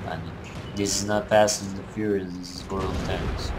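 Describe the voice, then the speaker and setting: A man's voice: sits low, steady tone, moderate pace, echoey room, very noisy. A young man giving rambling, teasing gameplay commentary with non-native phrasing. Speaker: gamer.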